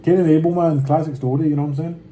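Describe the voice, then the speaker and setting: Very mellow-voiced man reading scripture. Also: on the high side, fairly even intonation, slight background noise, poor audio. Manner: deliberate reading with slangy offhand comments. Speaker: scripture reader. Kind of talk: reading scripture aloud with casual asides.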